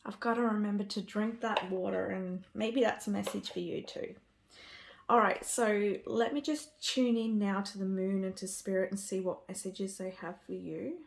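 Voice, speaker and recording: A woman's voice: medium pitch, fairly even intonation, normal speed, gravelly. A woman giving a spiritual card reading to camera. She talks with gushing enthusiasm and often trails off and restarts. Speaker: tarot card reader.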